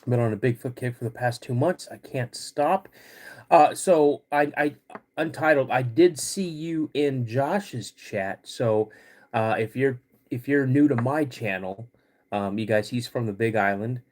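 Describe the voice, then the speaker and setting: A man in his fifties hosting a live podcast stream, greeting chat viewers by name in a halting way while getting over a cold. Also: medium pitch, darkish tone. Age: 50s. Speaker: podcast host.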